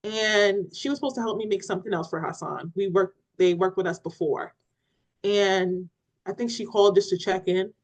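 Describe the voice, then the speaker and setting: On a parenting podcast, a female co-host with a medium-pitched voice tells a story at a moderate pace, and the audio is poor. She's animated in the casual chat, acting out what people said and laughing along the way.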